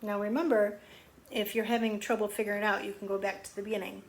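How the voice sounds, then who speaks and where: Gentle woman teaching young children. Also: mid-range voice, little pitch movement, slight background noise. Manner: gentle, slow counting, sing-song encouraging tone. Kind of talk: remote lesson for young children.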